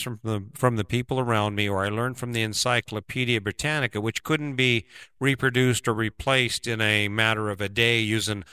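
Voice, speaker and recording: A man's voice: medium pitch, sharp tone, clear, resonant tone, dry recording, clean studio sound. A middle-aged man giving a casual, rambling opinion monologue, often tagging on "right?". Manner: rambling, keeps asking "right?".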